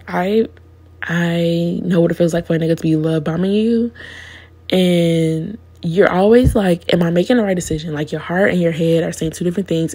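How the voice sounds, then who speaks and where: A woman in her twenties recapping a reality show in a candid, slangy way, talking straight to her viewers. Her voice sits a bit low and sounds gravelly and warm, with a husky edge. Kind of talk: casual opinionated recap.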